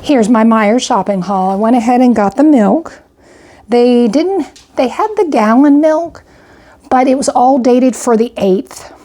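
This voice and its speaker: A woman's voice: a little high, unhurried, warm tone. An older woman casually going through her grocery haul item by item, chatty and a little out of breath. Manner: chatty, itemizing purchases with frequent "I got" and "went ahead". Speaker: homestead vlogger.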